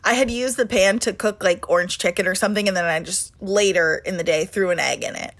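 A woman's voice: mid-range voice, quick pace, a bit bright. A woman in her twenties co-hosting a podcast, chatting casually, full of "like" fillers and the odd swear word. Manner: chatty, swears freely, frequent "like". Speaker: podcast co-host. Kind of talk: casual chat.

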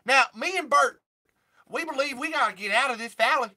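A man's voice: extremely high pitch, a little fast, pushed and bright, voice pushed up, exaggerated voice. A man putting on a tough country-singer woman, a hard-working single mom, with a twangy, sassy and bossy way of talking.

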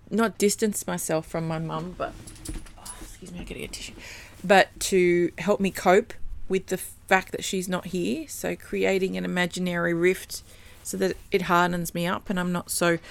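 A woman's voice: lowish voice, vocal fry. A woman hosting a podcast, telling a personal story in a candid, rambling, emotional way and swearing freely. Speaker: podcast host.

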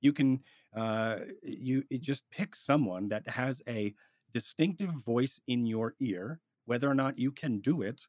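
A man talks through roleplay advice in a loose, animated ramble, restarting his sentences as he goes. His voice sits at an ordinary middle pitch. The sound is dry and close, with no room around it. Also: measured pace, no echo. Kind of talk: casual podcast chat.

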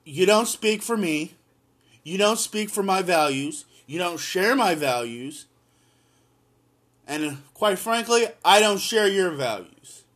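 A man's voice: high-pitched, lively intonation, slow, a bit bright. Emphatic man giving political commentary. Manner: emphatic, blunt, repeats lines for force. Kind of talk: impassioned solo commentary, reading an article aloud.

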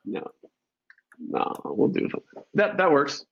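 A man's voice: on the high side, huge pitch swings, slow pace, gravelly, breathy edge. A man hosting a casual live-stream interview over a video call, upbeat and joking through tech hiccups. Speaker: podcast host. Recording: dull lo-fi live-stream audio.

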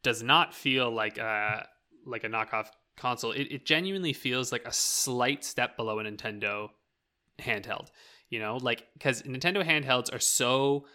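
With a sharp tone and medium pitch, this rural Canadian podcast co-host rambles through a casual video game chat. The young man laughs often and leans heavily on "like" as a filler.

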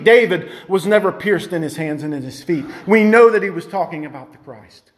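Fervent male preacher with a very high voice. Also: lively intonation, a little fast, few pauses. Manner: fervent, rising to shouts of emphasis. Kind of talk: sermon.

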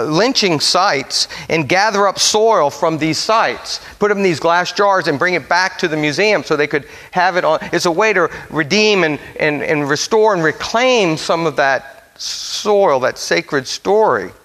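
A male pastor delivering a sermon, telling a story and slowing into soft, solemn phrases. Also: on the high side. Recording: long church reverb.

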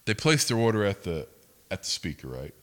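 A man's voice: lowish voice, very animated, fairly quick, a bit bright. A young man co-hosting a podcast, telling rambling, profane stories in casual chat. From United States. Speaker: podcast co-host.

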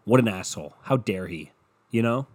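A man's voice: on the low side, expressive, moderate pace. A comedian with phlegm in his throat, ranting in a profane, rambling way and talking straight to his listeners. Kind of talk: casual comedic rant to the audience.

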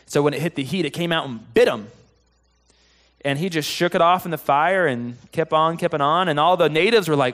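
A man delivering a sermon like he's telling friends a story, with a voice sitting a bit higher than most men's. He drops low and quiet on serious points and gets loud and animated when he's excited. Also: fairly quick. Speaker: pastor.

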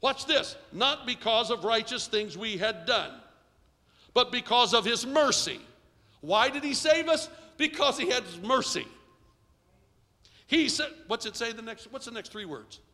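A middle-aged man preaching in a church with a very high, piercingly bright voice. He leads call-and-response and swings from near-whispered asides to shouted bursts. A long reverb trails his words through the sanctuary. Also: animated, measured pace. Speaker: pastor. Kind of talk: sermon.

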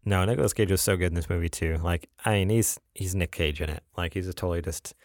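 A man's voice: deep voice, fast talker, no room sound, studio quality. A man co-hosting a podcast in casual chat, laid-back and laughing often, with many fillers. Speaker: podcast co-host.

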